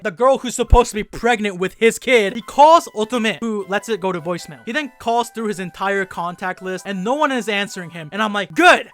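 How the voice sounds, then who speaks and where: A man's voice: high-pitched, a bit bright. A young man giving a casual, sarcastic anime review, swearing and sounding exasperated. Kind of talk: casual commentary.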